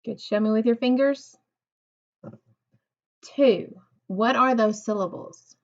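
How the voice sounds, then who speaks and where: An American woman teaches second graders a phonics lesson, patient and encouraging, drawing out her words slowly in a slightly high voice. The recording is dull and lo-fi.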